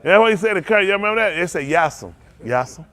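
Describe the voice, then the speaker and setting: Preacher man telling folksy stories, laughs a lot, voice jumping all over, kinda high. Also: quick pace. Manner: animated folksy storytelling with frequent laughter; repeats and restarts phrases, acts out quotes. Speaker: pastor. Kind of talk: storytelling sermon.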